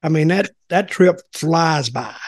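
A man's voice: on the high side, lively intonation, a little slow. A man hosting a casual interview, teasing his guest and prompting him to tell stories. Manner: prompting, teasing, laughs along. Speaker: podcast host.

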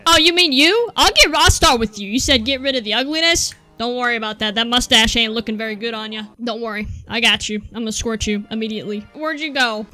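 A young woman commentating her gameplay, excitable and sarcastic, talking back to the characters on screen. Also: high voice, brisk, hardly any pauses, soft background music. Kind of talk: let's play commentary.

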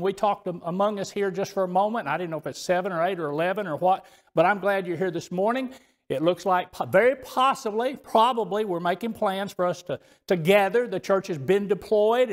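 Male pastor, high-pitched, preaching and telling stories with frequent restarts. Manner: storytelling with halting restarts. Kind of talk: sermon.

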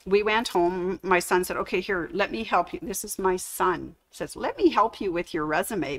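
A woman's voice: medium pitch, bright, forceful tone. Middle-aged lady giving a store anniversary speech, storytelling, does little voices for people. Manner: storytelling, acts out quoted dialogue. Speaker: store employee giving a tribute. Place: sewing store media room.

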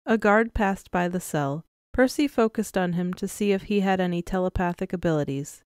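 A woman narrating a science fiction story in an even, measured reading style. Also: fairly low pitch, clean tone, dry recording, clean studio sound. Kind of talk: scripted audiobook narration.

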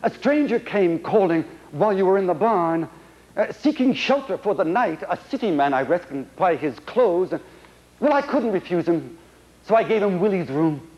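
A man doing a gentle homespun farm wife. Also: high-pitched, sing-song, normal speed, long reverb tail. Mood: worried. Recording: dull lo-fi 1980s stage recording.

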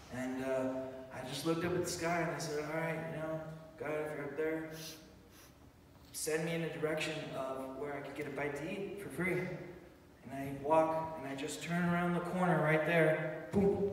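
Guy giving his church testimony, voice kinda high, big echoey room, mic far off, gets excited telling it. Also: slight background noise. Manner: excited, animated storyteller with restarts. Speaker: testimony speaker.

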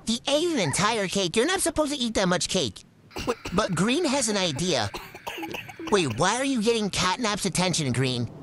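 A woman hosting a reaction video, talking along to animations in excited, exclaiming commentary. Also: medium pitch, moderate pace, noisy background. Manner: excitable, exclaims and laughs often.

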